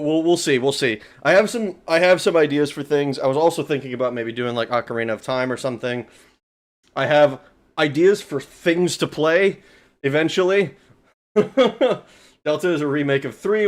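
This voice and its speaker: Excitable, slightly high-voiced male streamer. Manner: excitable, swears, stammers and laughs often. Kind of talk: casual livestream chat.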